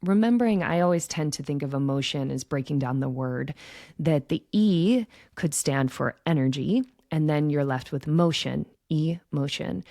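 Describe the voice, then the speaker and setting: A podcast host and intuition coach speaks in a low, gravelly voice with a mellow, relaxed tone, giving a calm teaching monologue. She explains ideas slowly, gently, and reflectively, often pausing to check in with "right?". The recording is dry and close, with no room sound.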